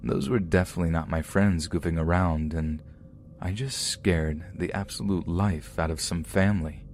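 A man reading submitted true scary stories aloud in the first person as a podcast narrator, in a steady, measured way. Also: low-pitched, slight background noise.

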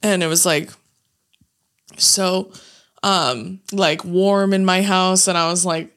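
A woman's voice: lowish voice, takes it slowly, a bit bright. A young woman co-hosting a podcast in casual chat, swearing freely and laughing often. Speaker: podcast co-host.

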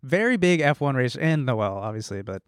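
A man co-hosting a casual podcast, talking fast and animated, with lots of swearing. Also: medium pitch, no echo, clean studio sound. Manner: rapid, animated, swears a lot. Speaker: podcast co-host.

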